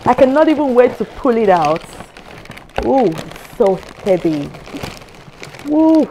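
A woman's voice: a little high, sing-song, takes it slowly, warm tone, a little hiss or hum. A young woman vlogger unboxing gifts, exclaiming and gasping over each one. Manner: gushing, lots of exclamations and gasps. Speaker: lifestyle vlogger. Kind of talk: excited unboxing vlog.

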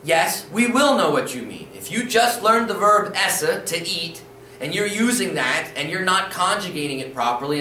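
A man teaches a video language lesson in a patient, encouraging way, checking in often as he repeats the rules. His voice sits a little high. He sounds set back from the mic in an echoey room with a faint hiss behind him. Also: bright, forceful tone, distant mic. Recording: roomy echo, voice a bit off-mic, faint room noise.

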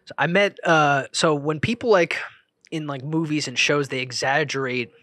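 A young man talks on his own podcast in a fairly high voice, close to the mic in a dry, dead room. He rambles, breaks off his own thoughts, and swings from loud outbursts to mumbled asides. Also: moderate pace, no echo. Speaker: podcast host. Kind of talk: solo podcast monologue.

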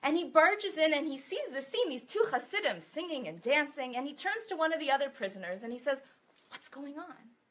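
A woman giving a talk, telling a story in an expressive, animated way. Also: high-pitched, brisk, few pauses.

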